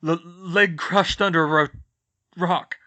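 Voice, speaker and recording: A man's voice: medium pitch, normal speed, pushed and bright, close to an everyday voice. A man voicing an injured teenage boy wizard who stammers and speaks through pain in a storybook reading. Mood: panicked. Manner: stammering, pained.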